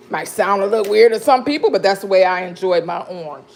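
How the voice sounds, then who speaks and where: A woman's voice: mid-range voice, expressive, moderate pace, creaky, a little mellow, slight background noise. A woman chatting casually with viewers on a live stream while she cuts fruit and juices in her kitchen, greeting people by name and laughing often. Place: home kitchen.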